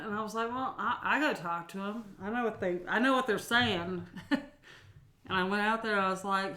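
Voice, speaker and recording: Southern woman co-host, loud animated storyteller, mid-pitched, echoey room. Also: moderate pace, long pauses. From North Carolina. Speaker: podcast co-host. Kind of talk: casual chat.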